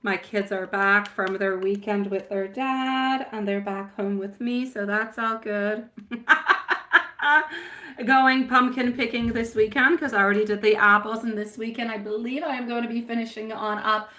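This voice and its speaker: A woman in her thirties reads tarot live for her viewers, with a bright, clear tone. She talks in a chatty, meandering way, greeting people by name and calling them sweetie and my love. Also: medium pitch, fairly even intonation, normal speed, few pauses. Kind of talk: live-stream tarot reading.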